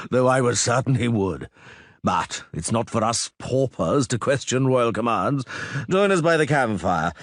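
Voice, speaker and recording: A man voicing a massive, burly old male mercenary who talks in a loud, hearty way. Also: medium pitch, no echo, clean studio sound, voice pushed up.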